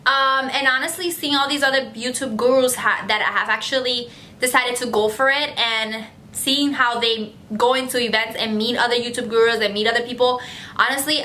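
A woman's voice: a little high, sharp tone, slight background noise. A woman beauty vlogger chatting casually to camera, effusive and gushing, often repeating herself. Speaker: beauty vlogger answering fan questions.

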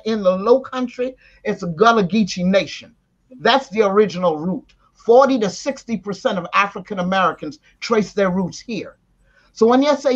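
Lively Jamaican woman, lo-fi sound. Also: medium pitch. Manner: animated, switching into patois. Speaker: interview guest. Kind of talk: casual conversation. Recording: dull lo-fi audio.

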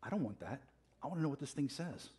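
A man's voice: mid-range voice, lively intonation, fast, warm tone. A man preaching a passionate sermon in a church, getting fired up and calling out questions to the congregation. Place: church sanctuary.

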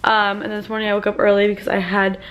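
A woman's voice: mid-range voice, monotone, quick pace, dull audio. A woman vlogging in a rambling, chatty way, full of filler "like"s, sounding tired at the end of the day. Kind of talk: casual vlog chat.

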